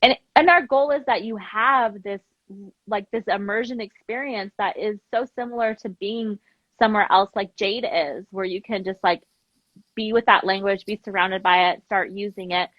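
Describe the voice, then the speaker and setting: A woman founder of a language program, a guest telling stories in an animated, chatty way with lots of fillers. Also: medium pitch, dry recording, muffled recording. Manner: animated, quick storytelling with lots of "like". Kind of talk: casual interview chat.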